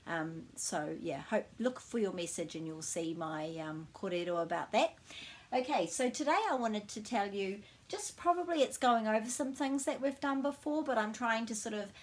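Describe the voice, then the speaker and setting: A woman with a New Zealand accent teaches words in a relaxed, friendly way. She slows right down to model each sound clearly so learners can copy her. Her voice sits at an ordinary middle pitch. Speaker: language teacher. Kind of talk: casual language lesson.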